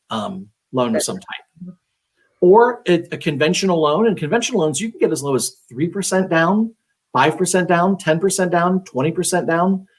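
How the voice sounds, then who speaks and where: Husky-voiced man giving chatty advice. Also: on the high side. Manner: conversational, many fillers and restarts. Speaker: real estate agent. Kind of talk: live-streamed advice talk.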